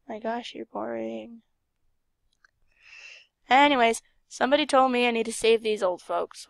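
Young female let's-player, excitable, chatty, dips into whispers; high, lively voice, dry close mic. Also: takes it slowly, creaky, long pauses, no echo. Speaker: gaming channel host. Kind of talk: casual game commentary.

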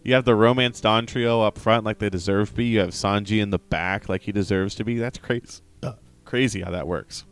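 A man co-hosting a casual podcast, recapping a comic chapter in a quick, stumbling chat. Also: lowish voice, clean tone. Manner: rapid recapping with stumbling restarts.

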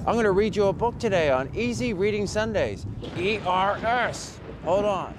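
A man's voice: sits high, lively intonation, moderate pace, noisy background. A man reading a children's book aloud, playful, with chatty asides and sound effects. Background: loud music.

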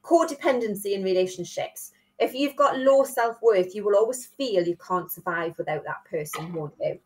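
Geordie woman chatting on a podcast, mid pitched, keeps tossing in "isn't it?" tags. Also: moderate pace, a little mellow. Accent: Geordie, northeast England. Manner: chatty, leans on tag questions. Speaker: podcast co-host. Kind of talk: casual chat.

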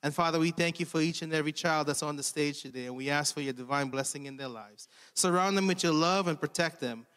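A man's voice: fairly high pitch, fast, hardly any pauses, smooth. Man praying in a reverberant hall. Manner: steady, earnest prayer cadence. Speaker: church leader leading prayer. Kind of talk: spoken prayer.

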